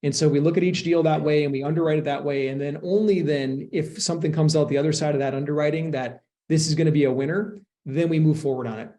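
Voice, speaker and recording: A man's voice: fairly high pitch, steady tone, fast, hardly any pauses, dark tone. A man who is a real estate investment sponsor, answering interview questions earnestly, explaining at length with frequent restarts.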